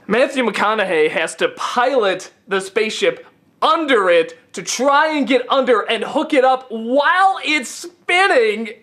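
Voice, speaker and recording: Man, film critic, casual rant, stammers, sarcastic, excitable, swears a lot. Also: very high-pitched, normal speed.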